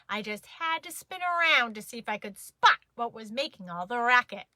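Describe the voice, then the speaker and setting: Playful high-voiced woman storyteller. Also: moderate pace, few pauses, no room sound. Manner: playful and expressive. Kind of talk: children's story reading.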